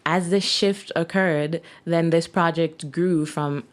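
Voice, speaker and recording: A woman's voice: on the low side, steady tone, slow pace. A woman in her thirties with a Jamaican accent, chatting as a guest in an interview and laughing often. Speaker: guest, clothing designer. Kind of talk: casual interview.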